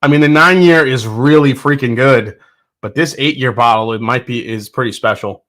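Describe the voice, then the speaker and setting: A man hosts a casual livestream and chats with viewers. His voice is bright and forceful. He talks with easy enthusiasm and thinks aloud, poking fun at himself. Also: mid-range voice, moderate pace. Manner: chatty and enthusiastic, self-deprecating, thinking aloud. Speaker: host of a whiskey tasting livestream. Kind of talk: casual livestream chat, reading viewer comments.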